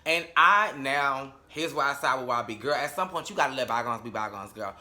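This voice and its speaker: A man's voice: medium pitch, brisk, pushed and bright. A young man giving a casual, sassy and blunt reality TV episode review, swearing freely.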